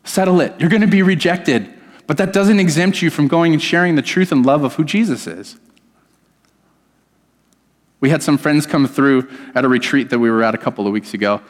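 A pastor delivering a sermon to his church, telling a personal story with animated, self-deprecating humor. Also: a little high, normal speed. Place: church hall. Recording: reverberant church hall.

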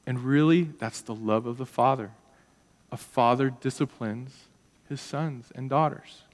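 A man preaching a sermon, climbing high on his questions and dropping soft on his key points. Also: a little slow, in a large hall. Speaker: pastor.

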